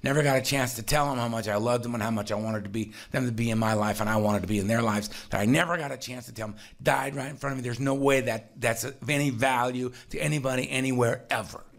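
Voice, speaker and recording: Gravelly man telling a recovery story. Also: mid-range voice, fast, few pauses. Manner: animated storyteller, acts out voices, laughs often. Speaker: recovery speaker. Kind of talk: personal storytelling talk.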